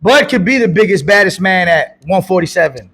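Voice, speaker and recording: High-voiced boxing coach arguing hard. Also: male voice, lively intonation, fairly quick, fairly bright tone, breathy edge. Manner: emphatic, argues in bursts with repeated buts and profanity. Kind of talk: heated casual debate.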